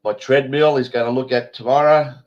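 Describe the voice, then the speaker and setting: A man's voice: mid-range voice, fairly even intonation, brisk. Give me a stuffy-nosed Australian man rambling bluntly on a lo-fi stream. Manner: swears freely, blunt and rambling. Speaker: show host. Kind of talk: rambling casual monologue. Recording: dull lo-fi stream audio.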